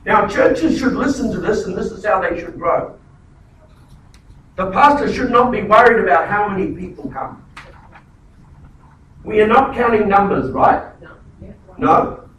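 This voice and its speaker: A man's voice: high-pitched, expressive, measured pace, long pauses, a bit bright, very echoey, distant mic, rough recording. A man preaching a sermon as a pastor in a church, emphatic, often repeating words and restarting phrases.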